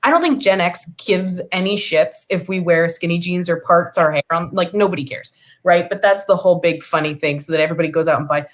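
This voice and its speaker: A woman guest in a casual remote chat, telling stories in a lively, chatty way. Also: on the low side, a little fast. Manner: chatty, animated storyteller. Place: home, remote video call.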